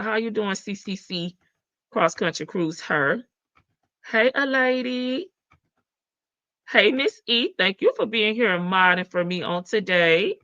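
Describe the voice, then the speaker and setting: Slow, bright-voiced Southern woman. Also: mid-range voice, no room sound. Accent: Southern American. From Southern United States. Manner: folksy, laughing, calls listeners baby and child. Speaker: livestream host. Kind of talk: casual gossip chat with viewers. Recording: dull lo-fi stream audio, dry.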